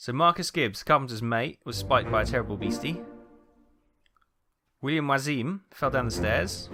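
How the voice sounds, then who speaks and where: A Welsh man rambles through let's play commentary in a mid-pitched voice. He mutters and thinks aloud as he works out a puzzle. Game music plays clearly behind him. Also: lively intonation, moderate pace, sharp tone. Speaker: game streamer.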